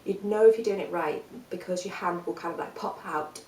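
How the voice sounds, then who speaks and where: A woman with a lowish voice runs a singing workshop, briskly yet calmly guiding the listener step by step through breathing and vocal exercises with encouragement. She sounds distant in an echoey room, and the recording quality is low.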